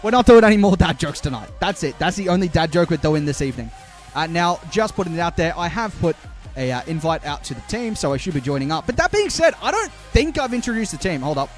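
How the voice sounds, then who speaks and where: A man's voice: fairly high pitch, very animated, fast, faint music behind. A young man chatting playfully with his live-stream viewers as a caster, talking straight to chat. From Australia.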